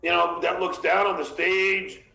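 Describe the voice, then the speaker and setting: A man's voice: high voice, little pitch movement, unhurried, vocal fry, bright, forceful tone, roomy sound, rough recording. A man hosting a podcast in casual chat, rambling and reading chat messages aloud. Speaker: podcast host.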